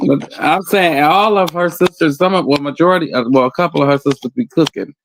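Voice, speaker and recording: A man chatting casually on a livestream, making wry, sarcastic jokes in a drawn-out delivery. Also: on the high side, a little hiss or hum, poor audio. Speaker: stream co-host. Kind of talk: casual gossip chat.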